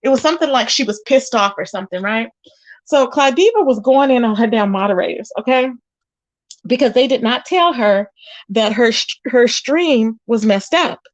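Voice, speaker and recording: A woman hosting a casual live stream, animated, greeting viewers with pet names. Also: fairly high pitch, moderate pace, muffled recording. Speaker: host of a live commentary channel.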